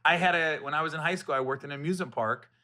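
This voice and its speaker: A man's voice: a little high, racing. A middle-aged man from Ohio hosting a podcast, telling stories in casual, profane chat. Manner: animated storyteller, swears freely. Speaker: podcast host.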